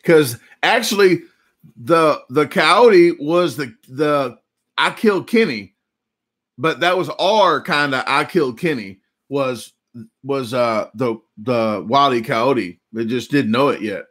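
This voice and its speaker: Bright-voiced rambling Southern man. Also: medium pitch, lively intonation, slow. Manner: rambling, jokey storytelling. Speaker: livestream host. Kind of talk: casual live chat.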